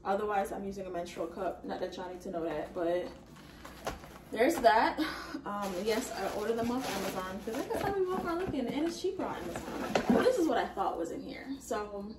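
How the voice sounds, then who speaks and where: A woman hosting an unboxing video, chatting casually and excitedly to her viewers and calling them y'all. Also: mid-range voice, fairly quick, very noisy. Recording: roomy echo, mic at a distance.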